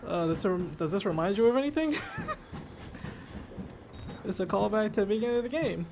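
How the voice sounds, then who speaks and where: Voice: mid-range voice, expressive, brisk, background noise. A gamer giving let's play commentary, chatty and giggly, talking to viewers.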